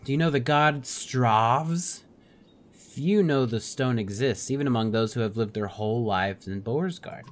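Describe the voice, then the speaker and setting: A man voicing a calm, wise mystic woman in a game, reading her lines in a slow, measured, solemn way. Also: mid-range voice, natural voice.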